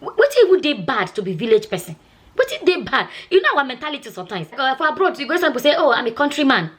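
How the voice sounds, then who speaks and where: A Nigerian woman talks straight to her viewers in a loose, chatty vlog style with a strong Nigerian accent. She speaks quickly, circles back over her points and checks in with "you understand?" Her voice sits a little high for a woman. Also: very animated. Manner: chatty, repeats herself, asks "you understand?". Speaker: nurse and vlogger. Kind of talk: casual storytelling vlog in Nigerian Pidgin.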